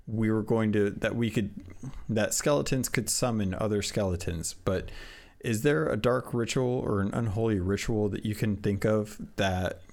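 A man hosting a casual gaming podcast, halting with many restarts as he sets up questions for his co-host. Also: lowish voice, darkish tone.

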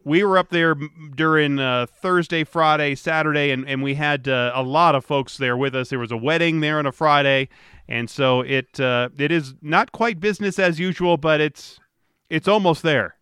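A man's voice: a little high, moderate pace, pushed and bright, clean tone, no echo, clean studio sound. A middle-aged man hosting a casual transportation podcast, rambling with frequent restarts. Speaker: podcast host and traffic reporter.

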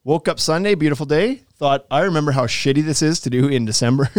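A man's voice: fairly high pitch, fast talker, dry recording. A man hosting a podcast in casual chat, joking and ranting with a laugh. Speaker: podcast host.

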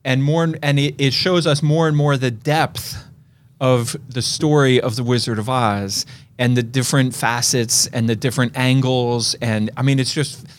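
A man's voice: mid-range voice, steady tone, normal speed. A man co-hosting a film podcast, talking in a rambling casual way with many restarts. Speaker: podcast co-host. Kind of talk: casual chat.

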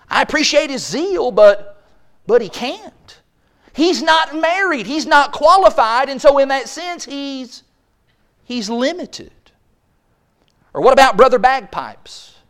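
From a church pulpit, a man preaches a sermon that builds rhetorical questions and acts out mock quotes from others. His very high-pitched, slightly bright voice is picked up by the pulpit microphone in the sanctuary.

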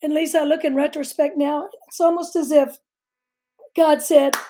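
A woman's voice: high voice, little pitch movement, moderate pace, warm tone, a little hiss or hum. A middle-aged woman earnestly telling a vivid personal story as a guest on a faith talk show.

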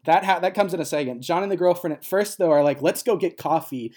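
A man's voice: high-pitched, fast talker, a little mellow. A man in casual podcast chat, retelling a film plot with many fillers and laughs. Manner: rambling, many fillers, laughs while talking.

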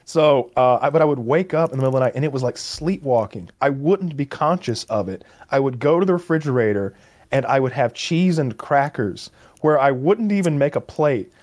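A podcast co-host with a mid-range, animated, slightly mellow voice speaks briskly. In casual chat, he tells loose, rambling stories full of fillers and swearing.

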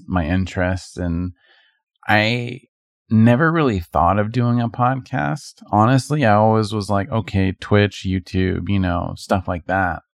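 A man's voice: lowish voice, no room sound, studio quality. A man co-hosting a podcast in casual chat, talking hesitantly as he searches for words. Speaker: podcast co-host.

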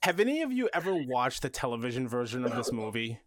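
A man hosting a movie podcast, talking in a lively way and steering the conversation. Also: medium pitch, fast talker, no echo. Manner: lively, leads the talk. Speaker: podcast host. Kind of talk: casual movie review chat.

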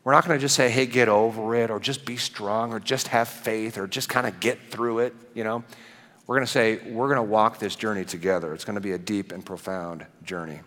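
A man preaching as a pastor, moving from quiet storytelling to emphatic preaching. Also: on the low side, a little fast. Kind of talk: sermon. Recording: long hall reverb.

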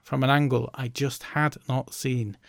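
Gravelly man thinking aloud. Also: mid-range voice, little pitch movement, dry recording, clean studio sound. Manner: halting, repeats words while thinking aloud. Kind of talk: reflective conversation.

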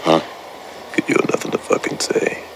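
An actor playing a bitter, deep-voiced grown man in a heated, profane quarrel, heard as a clip from a film soundtrack. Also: normal speed, noisy background, close to an everyday voice. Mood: angry. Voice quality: very deep and gravelly. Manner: angry and profane.

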